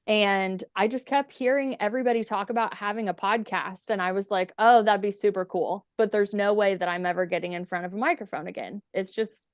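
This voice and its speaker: Woman on a podcast, swears a lot, does the voices in her stories, smooth clear voice, dry sound. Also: medium pitch, fairly even intonation, brisk, hardly any pauses, no room sound. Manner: chatty, profane, acts out quotes. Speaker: podcast guest. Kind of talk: casual storytelling.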